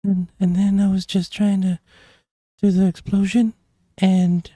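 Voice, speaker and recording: Casting note: a man doing a creepy monster baddie, whiny and squeaky high, dry close mic. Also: little pitch movement, a little slow, mellow, no room sound. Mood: whining. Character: whiny, unsettling male monster villain.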